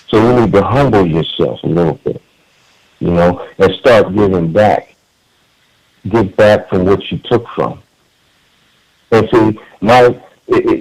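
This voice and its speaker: A man's voice: on the low side, darkish tone, low-quality recording. Earnest man calling in to radio. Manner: earnest, emphatic, with repeated words and restarts. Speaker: caller. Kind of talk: call-in radio talk.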